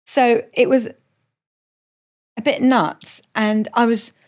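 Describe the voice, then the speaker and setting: Speaking slowly and flatly with a fairly high pitch and darkish tone, a middle-aged Iranian comedian guests on a podcast. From a moored boat she offers candid, self-deprecating anecdotes in a frank chat, with plenty of swearing.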